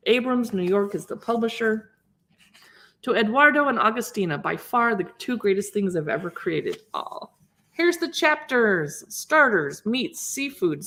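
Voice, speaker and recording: A woman's voice: fairly high pitch, fairly bright tone. A woman hosting a casual live stream, chatting enthusiastically as she flips through cookbooks and muses aloud over recipes. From Seattle area. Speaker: cookbook channel host.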